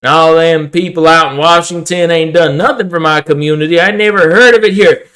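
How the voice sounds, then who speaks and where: A man voicing a stubborn, drawling rural working-class man who talks slowly and dismissively. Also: a little high, background noise, voice pushed down, natural voice. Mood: scoffing, stubborn. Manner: folksy dismissive drawl, slow.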